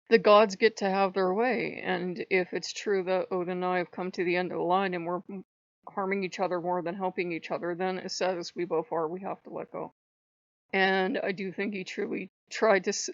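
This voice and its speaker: A woman's voice: mid-range voice, dry recording, muffled recording. A middle-aged woman telling a rambling, chatty story on her spiritual vlog, quoting herself often. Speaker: channel host.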